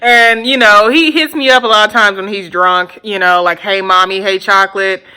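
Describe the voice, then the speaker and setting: Bright-voiced young woman telling a story. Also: mid-range voice, fairly even intonation, moderate pace, clean tone. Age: 20s. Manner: laughs often, blunt and profane. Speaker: vlogger. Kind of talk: casual storytime chat.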